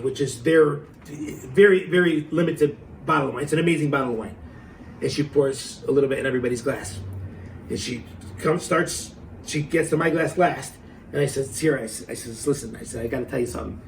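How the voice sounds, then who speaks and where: A middle-aged man telling a story in a casual, animated way, acting out the quotes and laughing as he goes. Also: on the high side, vocal fry, recorded from a distance, slight background noise, low-quality recording.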